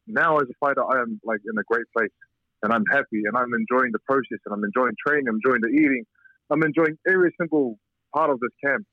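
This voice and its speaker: A man's voice: medium pitch, dry recording. A man from New Zealand, a professional boxer, speaking earnestly in a casual phone interview, with frequent restarts. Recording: tinny, dry phone line.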